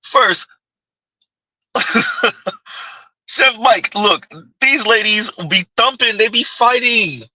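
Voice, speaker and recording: A man's voice: high voice, very slow, pauses often, bright, forceful tone, no room sound, rough recording. A man hosting reaction commentary, mocking his subject and often asking "Huh?". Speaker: commentary host.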